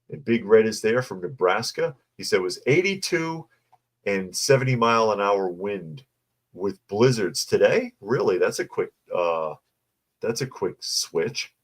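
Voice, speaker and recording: A man with a very low, deep voice hosts a casual livestream commentary. He reads news items and viewer comments aloud, then adds blunt, snarky asides in a relaxed, conversational way. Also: measured pace, breathy edge.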